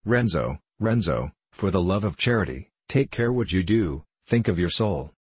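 A man's voice: low voice, lively intonation, moderate pace, slightly rough, no room sound. A man voicing a fearful, peevish older village priest who stammers. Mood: frightened. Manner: stammering, anxious.

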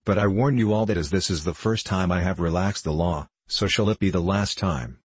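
A man's voice: deep voice, brisk, slightly rough, dry recording. A man reading the part of a stern, ancient male master woodsman in a spoken storybook, grave and commanding.

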